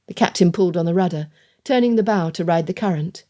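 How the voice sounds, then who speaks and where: Woman reading an audiobook, lowish warm voice, steady pace. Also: fairly quick. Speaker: audiobook narrator. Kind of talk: scripted narration.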